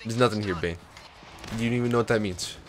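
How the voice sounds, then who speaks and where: Over noisy background and game music, this young streamer speaks quickly in a lowish voice. He jokes, curses, and mocks the game with goofy put-on voices while commenting on his play.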